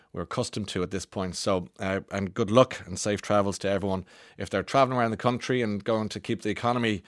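A man's voice: lowish voice, no room sound. A man with an Irish accent hosting a radio show, reading out listener texts in a chatty way with enthusiastic interjections, on a studio microphone. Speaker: radio host.

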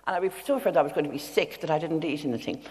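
A woman's voice: low voice, very fast, a little mellow. A woman telling a chuckling, self-mocking story to an audience. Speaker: guest author. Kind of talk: anecdote told to a live audience. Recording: echoey hall with audience and hiss.

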